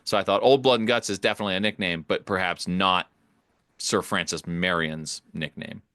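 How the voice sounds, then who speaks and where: Easygoing male co-host, lowish voice, thinks out loud, dry close recording. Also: steady tone, normal speed, no echo. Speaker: podcast co-host. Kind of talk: casual chat.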